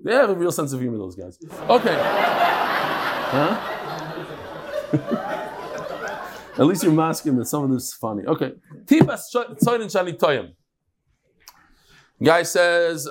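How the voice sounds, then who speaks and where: Animated man giving a lively Talmud lecture. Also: on the high side, slow, long pauses, husky. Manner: animated, joking storyteller acting out quoted speakers. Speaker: Talmud teacher. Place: lecture room with live audience. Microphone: microphone.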